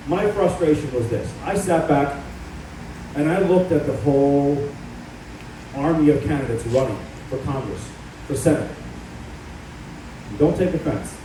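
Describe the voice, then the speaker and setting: A middle-aged man gives a combative campaign speech in a large hall, telling stories about his own fight. His voice sits on the high side with a dark, mellow tone. Heavy room echo and a distant mic make him sound far off, with faint ambience underneath. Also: unhurried, pauses often, slight background noise. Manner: combative, storytelling. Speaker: political candidate. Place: event hall.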